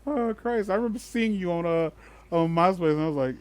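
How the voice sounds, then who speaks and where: A man's voice: high-pitched, brisk. A man co-hosting a podcast, telling stories in casual chat, swearing freely and breaking into laughter. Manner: animated storyteller, swears freely, bursts into laughter. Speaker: podcast co-host.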